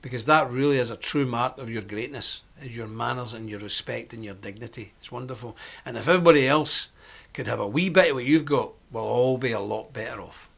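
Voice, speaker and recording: A man's voice: mid-range voice, brisk, gravelly, a bit bright. A middle-aged man hosting a live-stream monologue, talking in a rambling, chatty way with frequent laughs. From Britain. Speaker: host.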